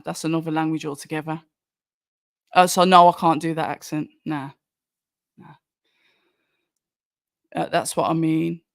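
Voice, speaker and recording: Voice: mid-range voice, gravelly, no echo, clean studio sound. A host from Birmingham with a Brummie accent, chatting casually on a livestream and answering viewer comments with frequent restarts. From Birmingham, England. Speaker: livestream watch-along host. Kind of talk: casual live chat commentary.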